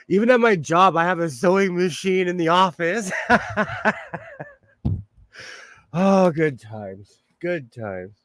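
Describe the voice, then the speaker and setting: A man hosts a sewing livestream from his home sewing room, talking in a loose, rambling way and often breaking into laughter. His voice sits a little on the high side, and the sound is close and dry with hardly any room echo. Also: lively intonation, takes it slowly, pauses often, fairly bright tone. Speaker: livestream host. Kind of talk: casual livestream chat while sewing.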